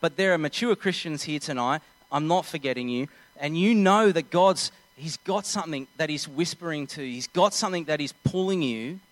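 A man's voice: fairly high pitch, animated, moderate pace, dry recording, low-quality recording. A young man preaching a sermon in an earnest, conversational way, acting out little scenes as he goes.

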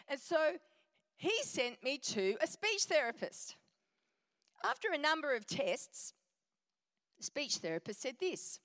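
A middle-aged woman giving a lively storytelling talk as guest speaker at a women's church event. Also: fairly high pitch. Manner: animated, storytelling. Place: church auditorium. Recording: reverberant church hall.

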